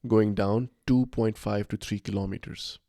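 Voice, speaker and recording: A man with a low, gravelly, dark voice chatting casually on a podcast. He rambles eagerly from one idea to the next, full of fillers and false starts. The sound is dry and close. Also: fairly even intonation, normal speed, no room sound. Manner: rambling, enthusiastic, with fillers and restarts. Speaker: podcast co-host. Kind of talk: casual conversation.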